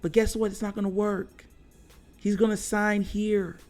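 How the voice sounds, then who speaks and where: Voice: medium pitch, little pitch movement, a little slow, darkish tone, faint music behind. A sports show host ranting casually as a fan, with slangy trash talk and frequent laughter between lines.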